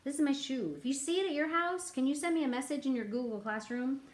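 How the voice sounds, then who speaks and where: A woman with a high-pitched, fast voice leads a children's music lesson, chatting playfully with the kids and breaking into sing-along nursery rhymes. The room is echoey, with a ukulele audible.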